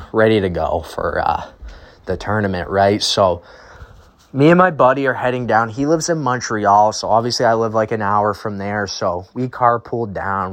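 A young man hosting a podcast, telling a casual, rambling story and often tagging his sentences with "right?". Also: fairly low pitch. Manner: rambling, tags lines with "right?". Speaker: podcast host.

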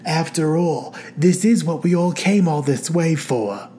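A woman's voice: deep voice, measured pace, mellow, a little hiss or hum, voice pushed up. A woman voicing a dramatic, theatrical woman friend with a sweeping manner. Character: theatrical grand woman friend in kimono cardigan.

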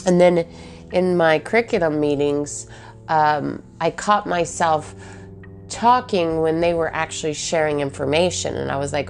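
A woman's voice: low-pitched, a little slow, creaky, soft background music. A woman thinking aloud in a reflective personal monologue, with many fillers and questions to herself.

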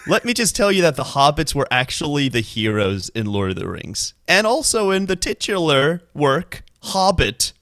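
A man's voice: a little high, moderate pace, hardly any pauses, no echo, studio quality. A man from Iceland co-hosting a podcast, chatting casually with a jokey, teasing manner. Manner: jokey, teasing, lively delivery. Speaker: podcast co-host. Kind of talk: casual chat.

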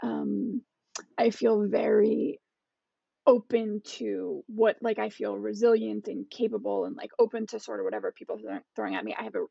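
A woman with a gravelly, heavily fried, husky voice talks frankly about herself, often restarting her sentences. The sound is dull, lo-fi and dry. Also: medium pitch, animated, normal speed, no echo. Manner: candid, self-reflective, trails off and restarts. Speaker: culture expert, podcast co-host. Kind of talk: casual podcast chat.

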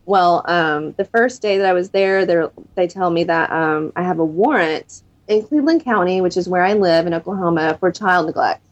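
A woman's voice: on the low side, moderate pace, few pauses. A woman in her thirties, a guest in an interview, candidly telling her own story of recovery. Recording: dull lo-fi recording.

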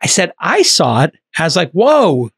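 A middle-aged man hosting a podcast in casual chat, talking quickly and enthusiastically with many "like" fillers. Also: on the high side, huge pitch swings, a bit bright, husky. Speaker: podcast host.

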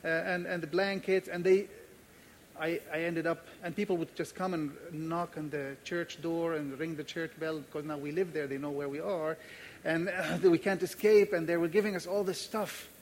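A man's voice: a little high, normal speed, slight background noise. A man from Jordan preaching a sermon as pastor, telling a personal story and acting out its dialogue. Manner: animated storyteller, acts out dialogue.

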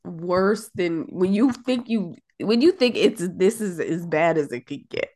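A woman's voice: on the low side, lively intonation, a little slow, mellow. A woman co-hosting a podcast while sick and out of breath, complaining in tired casual chat with speech. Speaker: podcast co-host.

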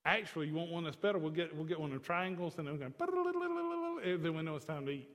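A man's voice: fairly high pitch, fairly even intonation, rapid-fire, fairly bright tone, in a large hall. A male pastor preaching a conversational sermon in a church, folksy, with chatty asides to the congregation. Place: church sanctuary.

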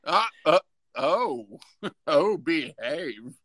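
A wisecracking man co-hosts a comedy radio show, tossing out casual curses and teasing jokes. His voice is bright and swings widely in pitch, picked up on a close, dry studio mic. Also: animated, drawn-out words, no echo. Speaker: radio co-host. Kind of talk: joking comedy radio banter.

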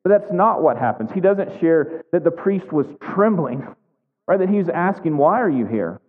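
A man's voice: fairly high pitch, big pitch swings, moderate pace, husky. A man preaching a sermon, retelling a scripture story conversationally and checking in with "right?" as he goes. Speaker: pastor. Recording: echoey hall, thin phone-like sound.

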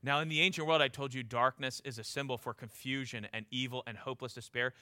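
A man preaching a sermon with passion, pressing his listeners with repeated rhetorical questions and stumbling into quick restarts. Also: medium pitch, steady tone, bright, forceful tone, no room sound.

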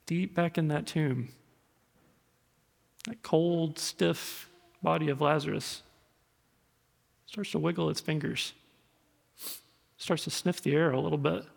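A man's voice: fairly high pitch, fairly even intonation, slow, creaky, long pauses, breathy edge. A male pastor preaching a sermon in a conversational, storytelling way, often repeating words. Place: church sanctuary. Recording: echoey hall reverb.

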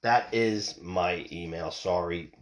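A man's voice: deep voice, slow pace. A man hosting a podcast, talking casually and off the cuff, rambling and swearing freely. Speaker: podcast host. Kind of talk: casual solo political talk. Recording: dull lo-fi recording.

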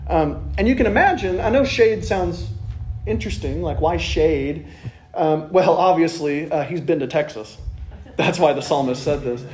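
High-voiced man preaching a joking sermon. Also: expressive, normal speed, darkish tone, slight background noise. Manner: conversational and joking, with wry asides. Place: church sanctuary. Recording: echoey church room.

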